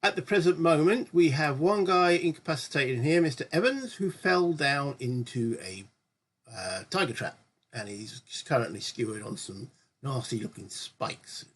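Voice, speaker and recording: A man with a husky, slightly rough voice hosts his own channel and talks through a solo board game session. He chats in a rambling, easygoing way and corrects himself as he goes. He is recorded at home on a desk mic. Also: fairly high pitch, animated, normal speed, a bit bright. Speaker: host of a gaming channel. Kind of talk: casual solo board game let's-play commentary.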